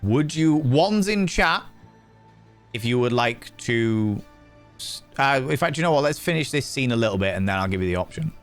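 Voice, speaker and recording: A man narrating as game master for a streamed tabletop game, unhurried and dotted with fillers. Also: medium pitch, fairly bright tone, clean tone, faint music behind.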